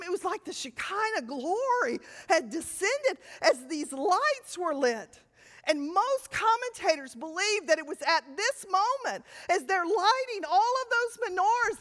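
A woman teaching a Bible sermon, telling stories with lively, sudden loud emphasis. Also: very high-pitched, in a large hall. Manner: animated storytelling with sudden loud emphatic lines.

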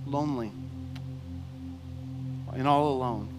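Earnest pastor preaching in a reverberant church. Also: male voice, medium pitch, slow, over music. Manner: earnest storytelling, rising to fervent appeals. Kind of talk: sermon. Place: church sanctuary. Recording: long hall reverb in a church.

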